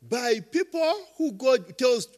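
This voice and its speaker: A man preaching a sermon, quizzing listeners with call-and-response questions and swinging between loud and soft. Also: very high voice, expressive, slow. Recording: long reverb of a hall.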